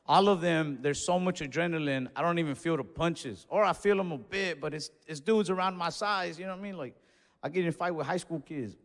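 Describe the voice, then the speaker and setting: A young man telling a stand-up story in a laid-back, swearing way, acting out his own yells. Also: fairly high pitch, a little fast. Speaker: stand-up comedian. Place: comedy club stage. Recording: live stage recording in a reverberant hall.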